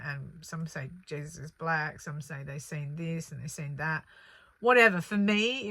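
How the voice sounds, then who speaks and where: A woman who works as a spiritual channeller, telling a personal spiritual story in an earnest, animated way with many fillers. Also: fairly low pitch, no room sound.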